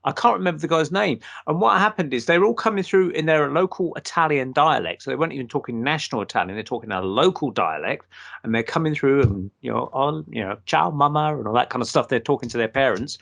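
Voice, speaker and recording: A man hosting a casual talk show over a video call, rambling with many pauses and fillers. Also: medium pitch, animated, gravelly, a bit bright. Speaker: podcast host. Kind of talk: casual chat.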